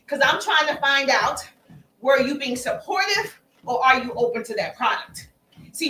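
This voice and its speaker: A woman giving a live-streamed sales training, energetic and emphatic, speaking straight to her audience. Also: high voice, echoey room, distant mic, a little hiss or hum. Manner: energetic, emphatic and preachy, addresses the audience directly.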